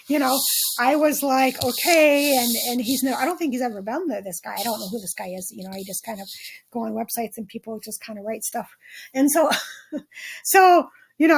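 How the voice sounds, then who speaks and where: A woman's voice: high voice, a little hiss or hum. A woman hosting a podcast, talking casually and rambling through her dream notes with many ums and restarts. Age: not 27. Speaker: podcast host. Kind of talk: casual dream-journal monologue.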